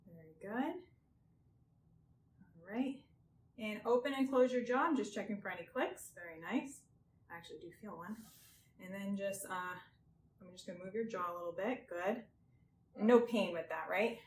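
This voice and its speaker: A woman guiding someone through a clinical health exam step by step, gentle and reassuring, often checking in with "okay?". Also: medium pitch, moderate pace, long pauses. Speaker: examiner doing a health assessment. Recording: roomy with faint background noise.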